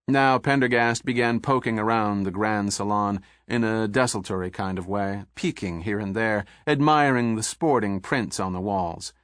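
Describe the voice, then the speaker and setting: A man narrating an audiobook in a measured, steady storytelling voice. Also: on the low side, no echo, clean studio sound.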